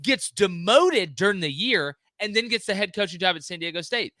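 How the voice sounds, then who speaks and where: A man's voice: high voice, lively intonation, moderate pace, sharp tone, no room sound, studio quality. A man, a guest on a college football talk show, giving strong opinions in casual chat and mocking other views in exaggerated voices. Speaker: guest commentator.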